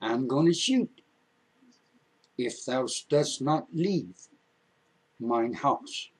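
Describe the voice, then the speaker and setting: A man's voice: mid-range voice, animated, very slow, husky, exaggerated voice, rough recording. A man doing a stern old-timey farmer. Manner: archaic, formal speech. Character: stern old-fashioned farmer, speaks in thee and thou. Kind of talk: storytelling.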